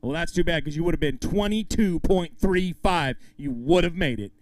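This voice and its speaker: A man's voice: fairly high pitch, moderate pace, a little mellow. A man emceeing a live fishing tournament weigh-in outdoors, hyping up the crowd and the anglers as he calls out weights. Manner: upbeat, hypes up the crowd and anglers.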